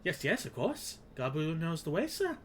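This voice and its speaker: Squeaky little kobold guy done by a man, eager and jumpy, bouncy pitch. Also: sing-song, moderate pace, slight background noise. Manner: repeats words, says "sir", broken grammar. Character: timid scheming male kobold, eager servant. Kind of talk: voicing game dialogue aloud.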